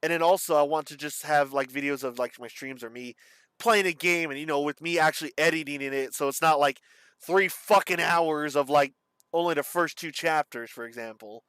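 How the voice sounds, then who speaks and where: Casting: young male streamer, slight lisp, rambling and halting delivery, smooth voice, dry close recording. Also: fairly high pitch, a bit bright, no echo. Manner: rambling, halting, self-described stutter. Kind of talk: casual vlog monologue.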